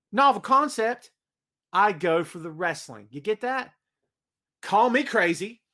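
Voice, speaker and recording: Ranting about wrestling with lots of animation, a high-voiced man hosts a solo live-stream podcast. He builds hype around his predictions and reads chat comments out loud.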